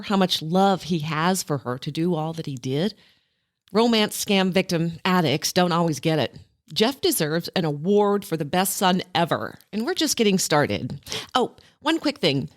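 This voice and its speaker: A woman's voice: fairly low pitch, lively intonation, normal speed, no room sound, studio quality. A woman hosting a podcast, narrating scripted links in a dramatic tone. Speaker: podcast host.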